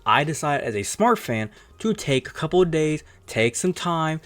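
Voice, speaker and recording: A man's voice: fairly high pitch, sing-song, a bit bright. A man hosting his own sports channel, giving rambling, opinionated commentary in a casual tone and swearing now and then. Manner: fast rambling opinionated talk with some cursing.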